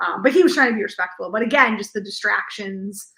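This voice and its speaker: A woman's voice: mid-range voice, quick pace, a bit bright, poor audio. A woman theatre performer chatting casually in a vlog, telling stories and acting out what people said to her. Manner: chatty storytelling, acts out quoted dialogue. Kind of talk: casual post-show vlog chat.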